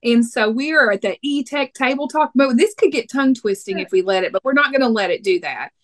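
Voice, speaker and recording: A woman's voice: fairly high pitch, animated, fairly quick. A woman with a Texas accent hosting a podcast, chatting in a playful, teasing way. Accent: Texan. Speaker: podcast host. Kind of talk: casual podcast chat.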